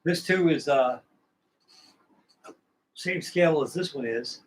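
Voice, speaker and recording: A man's voice: fairly high pitch, slow pace, low-quality recording. An older man from California hosting a model-building show, telling long, rambling stories in a folksy, salty way. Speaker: model-building channel host. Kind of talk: rambling casual storytelling.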